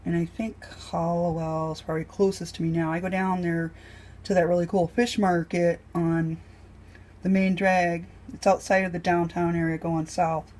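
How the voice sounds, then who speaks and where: A woman's voice: fairly low pitch, flat delivery, normal speed, a little mellow. Chatty woman. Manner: chatty and rambling, many ums. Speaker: home cook vlogger. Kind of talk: casual chat while cooking. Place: home kitchen.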